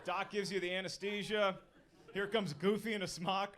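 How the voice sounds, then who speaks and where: Guy doing stand-up in a club, high voice, punchy crowd work, lots of noise in the recording. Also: steady tone, moderate pace, fairly bright tone. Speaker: stand-up comedian. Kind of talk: stand-up comedy set. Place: comedy club stage. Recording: noisy live club recording.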